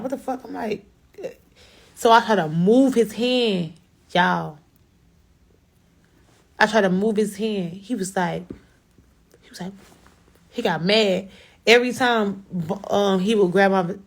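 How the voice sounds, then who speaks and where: A young adult woman with a Chicago accent telling a blunt, profane, animated story in a casual storytime to camera. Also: mid-range voice. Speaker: rapper.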